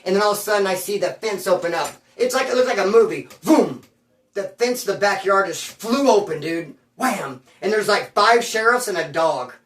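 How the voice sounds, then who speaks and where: Man, streetwise slang, rambling animated storytelling, roomy echo, set back from the mic. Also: high-pitched, brisk, few pauses. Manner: slangy, streetwise, keeps calling the listener homeboy; rambling and animated, with sound effects. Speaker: storyteller recounting his past. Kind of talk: casual spoken storytelling. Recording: roomy sound from a distance.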